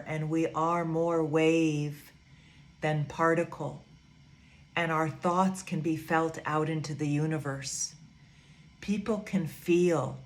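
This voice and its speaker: A woman giving a gentle, soothing teaching talk, repeating phrases softly as she guides her students. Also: low-pitched. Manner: soft, slow, repetitive, soothing. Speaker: spiritual teacher.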